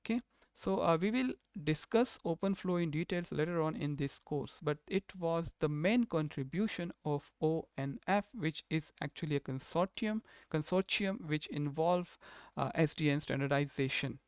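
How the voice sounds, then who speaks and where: Man lecturing with a crisp, dry voice. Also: a little high, moderate pace, no room sound. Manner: explanatory, restates terms and rephrases often. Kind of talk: recorded university lecture.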